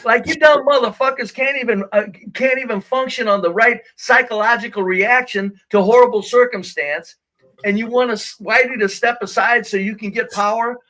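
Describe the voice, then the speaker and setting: A man's voice: very high-pitched, moderate pace, bright, forceful tone, poor audio. A man co-hosting a casual call-in livestream, speaking bluntly and with emphasis. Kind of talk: casual live-stream chat.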